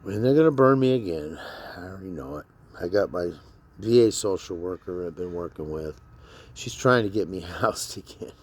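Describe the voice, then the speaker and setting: A man's voice: sits low, lively intonation, normal speed. A man and military veteran talking bluntly to camera in a rambling, profane monologue full of fillers.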